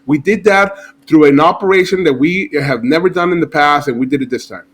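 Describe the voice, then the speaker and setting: A man's voice: a little high, brisk. A man who is a political analyst, speaking as a guest in an interview, persuasive and campaign-like.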